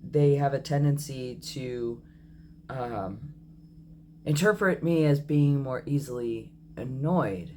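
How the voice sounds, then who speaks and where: A man in his thirties speaks slowly and thoughtfully in a personal video diary. His talk is candid and reflective, with an apologetic edge, frequent ums and small self-corrections. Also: mid-range voice, darkish tone, a little hiss or hum. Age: 30s. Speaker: vlogger.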